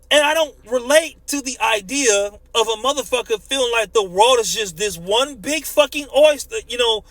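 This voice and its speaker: A man's voice: extremely high pitch, sharp tone, no echo. A man in his thirties, a truck driver, ranting profanely in a casual monologue and laughing often as he tells stories.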